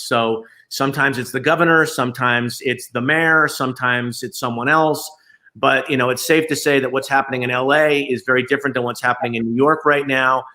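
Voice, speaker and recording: Man, bright forceful tone, conversational executive, fillers and restarts, remote interview. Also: medium pitch. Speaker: agency chief executive.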